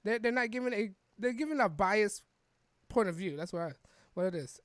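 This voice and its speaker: A woman's voice: mid-range voice, expressive, fairly quick, no room sound, studio quality. A woman hosting a podcast, giving casual political commentary while reading an article aloud, rambling with frequent restarts and tag questions. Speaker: podcast host.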